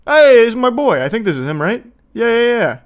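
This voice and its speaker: A man's voice: very high-pitched, big pitch swings, brisk. A man doing casual reaction commentary in sarcastic, profane, mocking banter. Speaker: commentary host.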